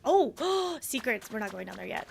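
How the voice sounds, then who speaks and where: A woman's voice: on the high side, very animated, moderate pace, creaky, background noise. A young woman streaming a video game, chatting with viewers, answering chat and laughing often. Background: loud game music.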